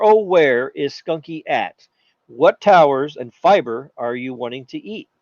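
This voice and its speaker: A man hosting a live tech Q&A stream, talking in an animated, jokey way and slipping into silly voices. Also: fairly high pitch, no echo, lo-fi sound. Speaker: tech channel host.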